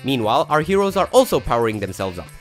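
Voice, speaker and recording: A man's voice: mid-range voice, sing-song, quick pace, soft background music. A man narrating a comedic movie recap with sarcastic, jokey asides.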